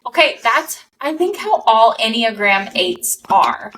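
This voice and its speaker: A woman co-hosting a podcast, chiming in with quick agreements and teasing in casual chat. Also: a little high, sing-song, fairly bright tone, a little hiss or hum, poor audio. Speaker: podcast co-host.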